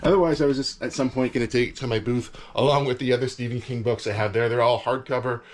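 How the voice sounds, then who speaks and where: A man's voice: medium pitch, steady tone, fast talker. Easygoing man chatting about resales. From Canada. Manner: easygoing, rambling, frequent fillers. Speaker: reseller vlogger. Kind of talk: casual vlog chat. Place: cold backyard shed with heater.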